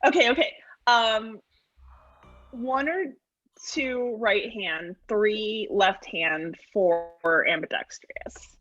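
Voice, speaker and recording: A woman's voice: mid-range voice, drawn-out words, fairly bright tone, muffled recording, faint music behind. A woman playing a tabletop game, talking in a hesitant way with many fillers. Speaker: player. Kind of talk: tabletop role-play chat.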